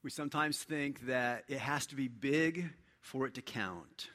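Bright-voiced man preaching a sermon. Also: medium pitch, a little slow. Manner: builds to loud, impassioned preaching. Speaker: pastor. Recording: hall reverb.

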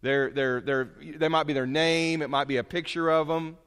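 A man preaches from the pulpit, mixing homey jokes with loud, emphatic readings of scripture. His voice sits a little high, and a long reverb hangs around it in a large church sanctuary. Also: fairly even intonation, moderate pace, clear, resonant tone. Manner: folksy, joking asides, rises to loud emphatic scripture reading. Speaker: pastor. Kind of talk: sermon.

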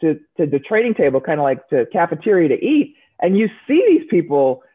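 Woman, former athlete, lively anecdotes, acts out quotes, narrow phone-line audio. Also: sits low, a little fast, breathy edge. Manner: animated storyteller, acts out quoted voices. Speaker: former Olympic shot putter, interview guest. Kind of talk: storytelling interview answers.

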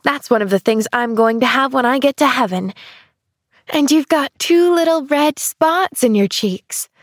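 A woman's voice: sits high, animated, a little slow, no echo, studio quality, voice pushed up. A woman voicing a cheerful, eager little girl who gushes breathlessly in a storybook reading. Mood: gushing. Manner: gushing, breathless and exclamatory.

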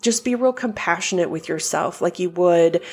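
A woman life coach hosting her own podcast, talking casually in a gentle, reassuring way with plenty of fillers. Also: on the low side, moderate pace, slightly rough. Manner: soft cooing voice for calming her dog. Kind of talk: casual solo podcast talk.

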